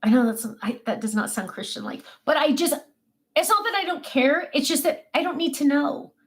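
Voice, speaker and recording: Woman, livestream host, chatty, self-mocking, casual chat at a desk, a bit high-pitched. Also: lively intonation, moderate pace. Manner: chatty, self-mocking, warm replies to viewers. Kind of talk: casual chat reading viewer comments. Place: home desk.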